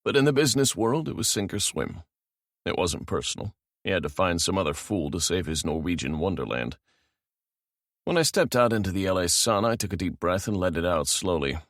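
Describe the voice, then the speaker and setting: A man narrating a romance audiobook in a calm, measured manner. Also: deep voice, dry recording, studio quality.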